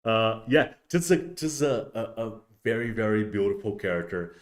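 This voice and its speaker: A man's voice: on the low side, expressive, moderate pace. A man hosting a casual livestream, rambling with many restarts and fillers. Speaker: host of a miniatures livestream.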